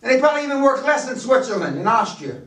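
A man's voice: very high-pitched, big pitch swings, fast, a bit bright. An older American man giving a blunt, profane motivational seminar talk to a room. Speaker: seminar speaker. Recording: echoey room, speaker far from mic.

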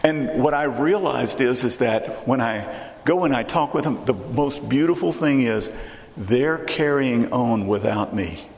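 Texan preacher in a reverberant hall. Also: male voice, mid-range voice, measured pace. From Texas. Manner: conversational, repeats words and restarts. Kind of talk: sermon.

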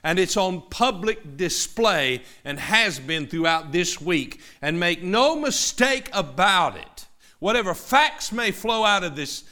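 Forceful man preaching with dramatic swings. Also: high voice, very animated, slow pace. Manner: emphatic, dramatic swings from loud to hushed. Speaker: pastor. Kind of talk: sermon.

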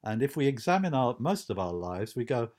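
A man's voice: medium pitch, big pitch swings, fairly quick, darkish tone. A man telling an anecdote in a rambling, hesitant way, full of fillers and restarts. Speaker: storyteller. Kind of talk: anecdotal storytelling.

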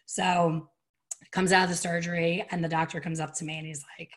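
A woman's voice: on the low side, a little fast. A middle-aged woman, an interview guest, telling a personal story with candor and acting out the voices she quotes. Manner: animated, candid, acts out quoted voices.

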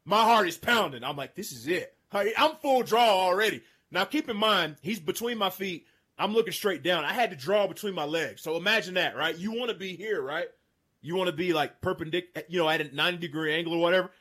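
A man in his thirties hosting a casual chat, telling a hunting story with excitement and frequent laughs. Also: sits high, brisk, slightly rough. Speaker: podcast host. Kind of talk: casual storytelling among friends.

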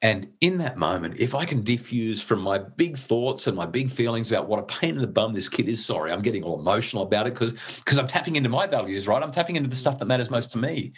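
Earnest husky-voiced middle-aged man. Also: mid-range voice, animated, fast talker, hardly any pauses. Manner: earnest, restarts when moved. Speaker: parenting guest. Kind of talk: conversational explaining.

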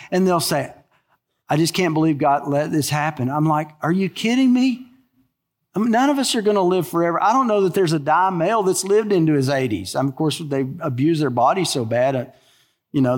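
An older man preaching a sermon in a folksy, animated way, full of stories and rhetorical questions. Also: high-pitched. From American South. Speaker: pastor.

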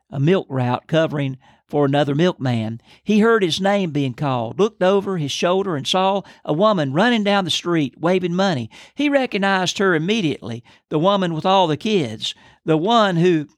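A man's voice: a little high, no echo, studio quality. An older man co-hosting a podcast, telling a story and then praying in an earnest, preacherly way. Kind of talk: storytelling and prayer.

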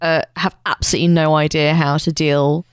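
A woman co-hosting a casual podcast, chatting in an animated way and laughing often. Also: sits low, brisk, smooth, no echo, studio quality. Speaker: podcast co-host. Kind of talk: casual chat.

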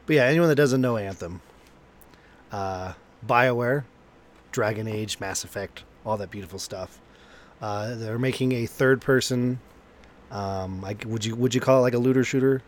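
A man's voice: mid-range voice, normal speed. Enthusiastic male gaming co-host. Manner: sarcastic, enthusiastic. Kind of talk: casual gaming chat.

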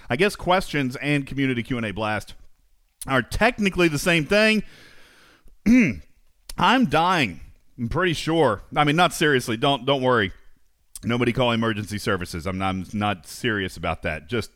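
A man's voice: medium pitch, animated, unhurried, pauses often, fairly bright tone, dry recording, studio quality. A man hosting a casual livestream, joking, laughing often and announcing segments in a sing-song way. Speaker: livestream host.

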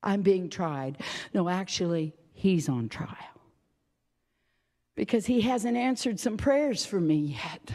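A woman's voice: mid-range voice, lively intonation, takes it slowly, dark tone. A woman preacher delivering an impassioned, dramatic sermon. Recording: reverberant hall.

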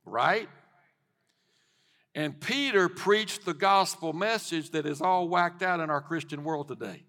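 High bright-voiced preacher man in a reverberant hall. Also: unhurried. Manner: passionate preaching, swells to shouting. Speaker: pastor. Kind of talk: sermon. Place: church sanctuary. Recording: long church hall reverb.

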